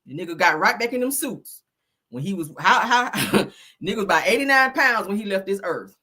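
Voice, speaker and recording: A woman hosting a livestream, teasing and joking with her viewers in casual gossip chat. Her voice is husky and breathy. Her pitch swings widely as she talks. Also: lively intonation, moderate pace, sharp tone. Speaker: livestream host.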